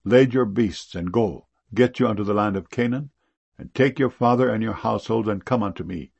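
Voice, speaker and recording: A man's voice: fairly low pitch, moderate pace, vocal fry, darkish tone, slightly rough, no room sound, lo-fi sound. A man reading the words of Pharaoh, a commanding grown king, in a solemn scripture-reading manner.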